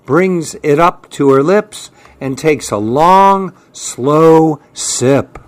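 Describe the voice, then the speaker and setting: A man reading a children's storybook aloud in a calm, unhurried way. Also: mid-range voice, no echo. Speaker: storybook reader.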